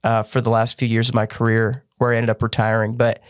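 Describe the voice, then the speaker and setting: Brief: male podcast guest, earnest storyteller, even and level speech, close dry mic. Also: mid-range voice, brisk, dry recording. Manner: earnest, with frequent restarts and fillers. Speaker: podcast guest, former gymnast turned business owner. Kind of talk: casual storytelling interview.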